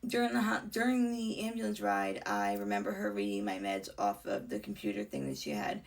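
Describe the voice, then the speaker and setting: A young woman vlogger talks candidly, her voice heavy with vocal fry. Her pitch swings widely as she chats, sometimes falling to a whisper, and she sits a little back from the mic. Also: huge pitch swings, a little fast, far from the mic. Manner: candid and chatty, often drops into whispers. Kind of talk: casual storytelling.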